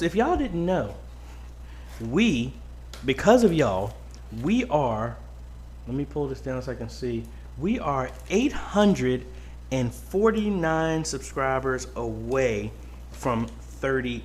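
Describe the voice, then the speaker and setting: Host voice: easygoing man, unhurried pacing, close boom mic, faint room noise behind. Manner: laid-back, greets viewers by name, frequent ums. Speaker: live stream host. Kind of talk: casual live-stream Q&A chat. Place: home studio desk. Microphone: boom-arm mic close up.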